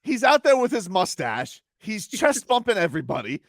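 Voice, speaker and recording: A man's voice: high-pitched, moderate pace, no echo, studio quality. A man hosting sports talk radio, arguing heatedly and talking over his co-host. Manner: argumentative, talks over his co-host, animated.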